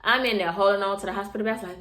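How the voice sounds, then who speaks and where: A woman's voice: medium pitch, fairly even intonation, racing, noisy background. A young woman casually telling viewers her birth story, chatty and repetitive, often calling them y'all. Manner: chatty, repeats herself, addresses viewers as y'all. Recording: echoey room.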